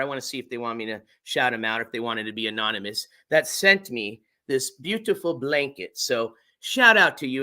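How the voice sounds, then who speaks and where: A man's voice: medium pitch, bright, forceful tone. A man hosting a casual livestream chat, laid-back and rambling, swearing now and then. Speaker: streamer.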